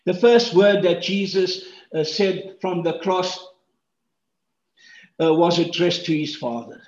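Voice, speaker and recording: A male pastor preaching a sermon, swinging from hushed tones to shouts and repeating key phrases for stress. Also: sits high, fairly even intonation, slow pace, reverberant, highs cut off.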